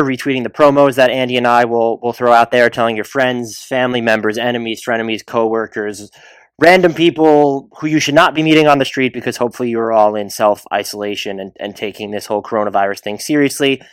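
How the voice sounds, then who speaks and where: A man's voice: mid-range voice, clear, resonant tone, no echo. A man hosting a solo basketball podcast, chatty and rambling with restarts and asides. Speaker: podcast host.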